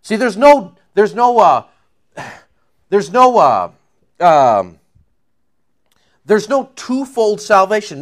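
Casting: male preacher, lively swinging delivery, fairly high voice, playful teaching tone. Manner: animated, jokey, acts out quotes. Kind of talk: Bible teaching.

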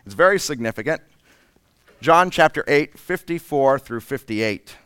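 Expressive male preacher, clear dry voice. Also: mid-range voice, unhurried, dry recording. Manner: dramatic, swings from loud emphasis to breathy whispers. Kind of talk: sermon.

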